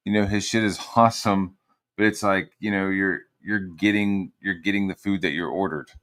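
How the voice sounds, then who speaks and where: A man's voice: sits low, steady tone, moderate pace, fairly bright tone. A man hosting a livestream, ranting in a casual, meandering and profane way, full of sarcasm. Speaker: livestream host.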